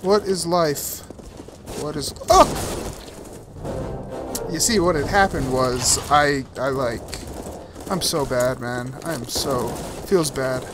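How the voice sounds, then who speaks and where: A man giving live commentary on his own shooter game, excitable and self-mocking, who breaks into sudden whoops and cheers. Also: mid-range voice, slow pace, pauses often, music in the background. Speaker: gaming YouTuber. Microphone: desktop USB microphone. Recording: game gunfire loud behind voice. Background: shooter game gunfire and effects.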